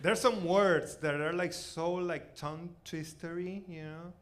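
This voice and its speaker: Venezuelan man in his forties, stand-up set on a theater stage, slightly high-pitched, a little background hum. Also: a little slow. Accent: Venezuelan Spanish. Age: 40s. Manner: animated, self-mocking, swings between loud outbursts and mutters. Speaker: stand-up comedian.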